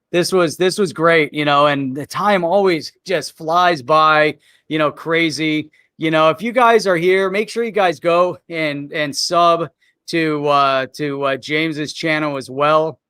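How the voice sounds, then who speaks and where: Chatty guy hosting a live stream, kinda high voice, dry close mic. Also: a little slow, a bit bright, clean tone, no room sound. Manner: loose and chatty, peppers talk with "man" and "you know". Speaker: livestream show host. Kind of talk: casual chat.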